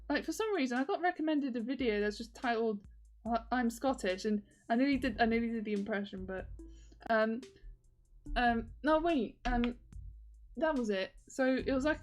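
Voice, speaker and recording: A woman chatting casually in a video diary, rambling with lots of fillers and frequent laughs. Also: a little high. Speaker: video diarist.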